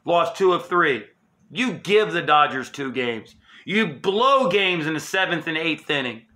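Male sports vlogger, high bright voice, heated emphatic rant with profanity. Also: animated, measured pace. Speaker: sports channel host. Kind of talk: angry fan rant.

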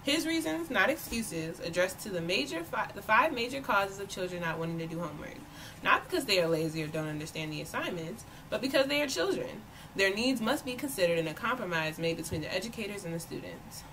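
Expressive woman reading a children's book. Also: medium pitch, fairly quick, a little hiss or hum, low-quality recording. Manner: expressive storytelling. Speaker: volunteer reader.

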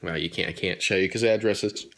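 Tired, rambling man vlogging, low voice. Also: fast talker, a bit bright. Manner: rambling, talks to camera, swears casually. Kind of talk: casual vlog chat.

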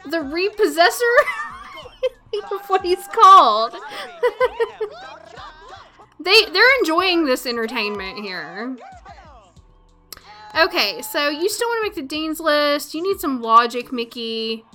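A woman's voice: sits high, animated, slow pace, pauses often, sharp tone, faint music behind. A woman with a Southern accent casually commenting on a life-sim game during a livestream, chatty and often laughing, talking to her viewers. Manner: chatty, giggly, talks to chat. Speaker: gaming livestreamer.

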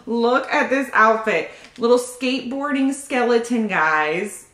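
A woman's voice: on the high side, a little slow, a bit bright, reverberant. A pregnant woman, gushing and laughing as she opens baby gifts in a casual vlog. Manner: gushing, giggly, often laughing. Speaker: channel host opening fan gifts.

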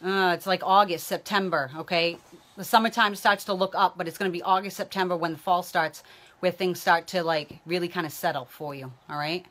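A woman's voice: on the low side, fairly even intonation, a little fast, a bit bright. A woman psychic medium giving live-streamed readings, chatting loosely and calling out viewers by name. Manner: talks while a baby tugs at her hair.

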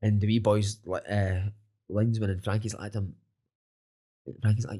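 A man's voice: fairly low pitch, fairly quick, dark tone. A Scottish man, a football coach and podcaster, telling stories with frequent swearing and laughter in a casual interview.

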